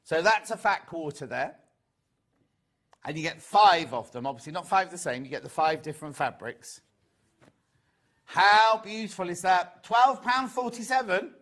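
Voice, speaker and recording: A man's voice: sits high, animated, moderate pace, a bit bright. A man presenting live on a shopping channel, chatty and jokey, stumbling over prices as he talks. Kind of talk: live TV selling chat.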